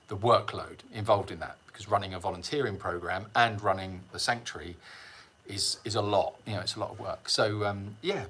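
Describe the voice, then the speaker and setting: A middle-aged man chats loosely to his viewers, drifting off topic and laughing at his own jokes. His voice sits fairly low but comes across bright and forceful. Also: slightly rough. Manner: rambling, self-mocking, chuckles often. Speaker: sanctuary livestream host. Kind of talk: casual livestream chat.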